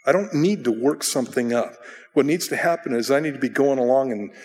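Middle-aged man, pastor, casual self-mocking sermon, average pitch, long hall reverb. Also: fairly quick. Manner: conversational, self-deprecating, with bursts of acted shouting.

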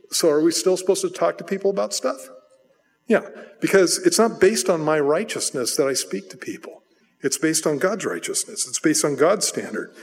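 A man preaching a sermon in a fairly high voice, his words carried by a long reverb that rings through a large hall. He delivers it like a story told to friends, easygoing and self-deprecating. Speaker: pastor.

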